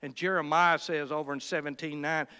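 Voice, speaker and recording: A man preaches with impassioned fervor, his smooth, resonant voice rising high whenever he hammers a point home. He often halts and restarts his phrases as the message builds. The sound rings with the long reverb of a large hall. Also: steady tone, brisk, sharp tone. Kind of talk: sermon.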